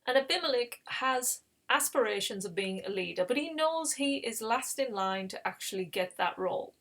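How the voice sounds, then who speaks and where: A woman's voice: a little high, lively intonation, normal speed, a bit bright. A woman hosting a Bible reading channel, retelling scripture in a casual, conversational way with explanatory asides.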